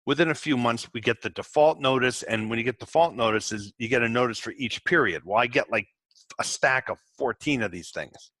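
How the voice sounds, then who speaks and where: A man hosting a podcast for tax professionals, telling candid work stories in a casual way, cursing now and then and acting out quick exchanges with his clients. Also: mid-range voice, fairly bright tone, dry recording. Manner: candid, swears, acts out clients in quick asides. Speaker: tax resolution podcast host. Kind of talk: casual storytelling to fellow practitioners.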